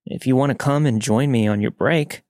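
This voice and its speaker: A man's voice: mid-range voice, moderate pace, darkish tone, dry recording, close to an everyday voice. A man reading the lines of a pushy, leering middle-aged male trucker with a Southern drawl, in a dry close recording. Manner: leering, drawling, turns crude and aggressive.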